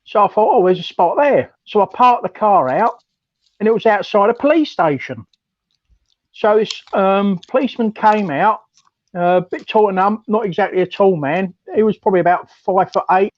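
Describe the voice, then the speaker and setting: A man's voice: sits high, animated, normal speed, dry recording. London man telling a story over a muffled phone. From London, England. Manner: rambling, many ums, laughs at his own story. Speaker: caller on a live stream. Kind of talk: casual storytelling.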